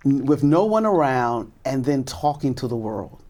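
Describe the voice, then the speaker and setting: Brief: on-air radio woman guest, deep and expressive, chatty. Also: moderate pace. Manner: animated, laughing, earnest. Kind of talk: casual interview chat.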